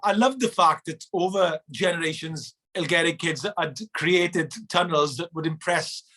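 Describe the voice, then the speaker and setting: A man with a Welsh accent from Merthyr Tydfil, a guest in a casual chat over a remote call, telling lively stories and acting out the voices in them. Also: fairly high pitch, normal speed. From Wales. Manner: animated storyteller, acts out voices in anecdotes. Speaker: interview guest.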